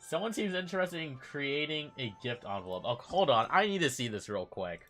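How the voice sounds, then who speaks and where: A man's voice: a little high, big pitch swings, fairly quick, a bit bright, faint music behind. A man casually commenting while playing through a game event, reading dialogue aloud and gushing, with lots of ums. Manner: chatty, reads game dialogue aloud, gushes, many ums. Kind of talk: casual let's-play commentary.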